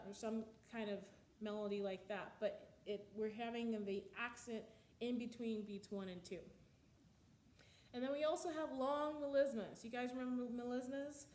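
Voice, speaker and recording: A woman's voice: fairly high pitch, normal speed, echoey room, background noise. A woman teaching music history in a slide lecture, explaining with frequent ums and counting out the beats.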